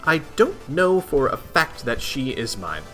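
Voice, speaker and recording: A man voicing a poised, stylish young female alien who speaks in a measured, formal way while reading a webcomic aloud. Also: medium pitch, very animated, pushed and bright, soft background music. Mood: composed.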